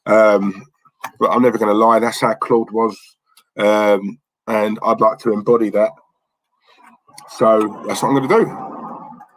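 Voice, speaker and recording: A man's voice: on the low side, steady tone, a little slow, pauses often, dry recording, rough recording. A man hosting a live stream, chatting in a blunt, rambling way and reading out viewer messages. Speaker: livestream host. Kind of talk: casual live-stream chat.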